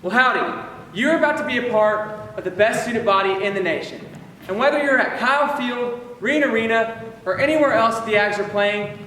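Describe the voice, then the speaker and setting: A young yell leader speaks to a crowd in an upbeat, direct way. His voice is bright and high. It carries from a distance through a long-ringing hall with faint room noise behind. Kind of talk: energetic instructional address. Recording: echoey hall, voice from far off.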